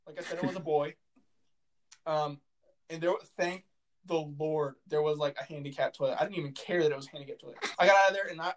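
A young man tells a long story in relaxed chat, giggling as he goes. His voice sits a little high for a man. He stumbles over fillers and restarts.

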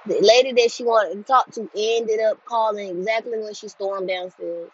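A woman in her twenties telling a story in a casual monologue, blunt and animated, swearing freely. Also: medium pitch, normal speed, slightly rough. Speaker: group home staff telling a story. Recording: dull lo-fi sound.

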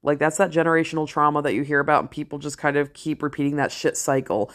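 A middle-aged woman talking straight to camera in a casual vlog, blunt and candid, swearing freely and slowing down to stress key phrases. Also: low voice, steady tone, a bit bright. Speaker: vlogger, parent and ER worker. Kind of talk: casual talking-head commentary.

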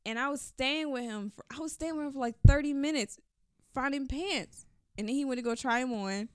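Young woman, from New York, podcast co-host, slightly high voice, dry close sound, chatty storyteller. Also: fairly quick, clean tone, dry recording. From New York City, USA. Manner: chatty, retells scenes with quoted dialogue, laughs often. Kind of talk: casual storytelling chat.

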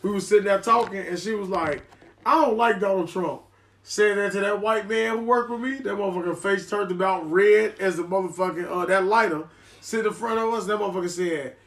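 A man's voice: high voice, quick pace, gravelly, a bit bright, recorded from a distance. A man in casual podcast chat, a laid-back and profane storyteller.

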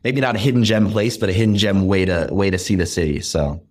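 A young man from Western Massachusetts with a very low, deep voice. He chats loosely as an interview guest, doubling back on his words and dropping "like" all through. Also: quick pace. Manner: relaxed, rambling, repeats words and says "like" often. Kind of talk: casual interview chat.

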